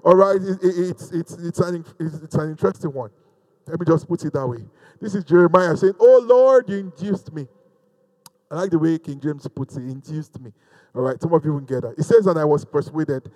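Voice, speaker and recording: A man preaches with fervor in a voice pitched high for a man. He repeats key phrases for emphasis and swings between ringing exhortation and hushed, confiding asides. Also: steady tone, brisk, low-quality recording. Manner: fervent, repetitive, swings between loud exhortation and low asides. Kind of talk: sermon.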